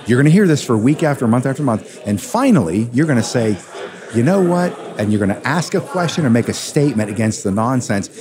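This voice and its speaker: A man who hosts a radio show, telling stories in an interview with animated, emphatic delivery. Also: mid-range voice, fast talker, few pauses. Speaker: radio host and attorney, guest. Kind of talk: conversational storytelling interview. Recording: crowd chatter behind.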